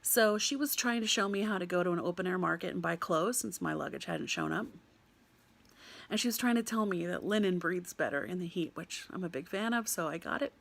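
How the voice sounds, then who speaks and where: A young woman from the United States tells a personal story with an easy, animated delivery. Her voice carries a light gravelly fry, and she laughs often as she mimics the people she met. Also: fairly low pitch, a little fast.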